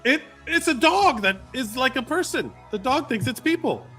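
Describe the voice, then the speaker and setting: A man's voice: very high-pitched, lively intonation, moderate pace, sharp tone, soft background music. A man co-hosting a casual podcast chat, wordy and fond of explaining things at length. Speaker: podcast co-host.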